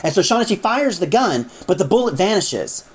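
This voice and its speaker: A woman's voice: medium pitch, sing-song, normal speed, slightly rough. A woman casually retelling a story in a chatty way, acting out the characters as she goes.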